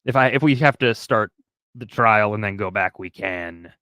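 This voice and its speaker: A man's voice: fairly low pitch, moderate pace, clear, resonant tone, no room sound, clean studio sound. A man hosting a livestream, chatting casually with viewers, laughing often and reading a story aloud. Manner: chatty, lively, laughs between remarks. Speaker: livestream host.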